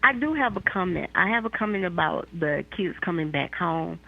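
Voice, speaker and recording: A woman's voice: on the low side, lively intonation, normal speed, vocal fry, slight background noise. A woman calling in to a talk show, speaking earnestly with small hesitations. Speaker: caller. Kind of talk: call-in comment. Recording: phone line.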